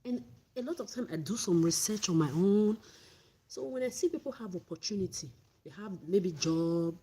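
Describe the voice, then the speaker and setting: A woman's voice: medium pitch, expressive, moderate pace, mellow, breathy edge. A middle-aged woman giving blunt, exhorting advice on a livestream, often repeating herself. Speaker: livestream host.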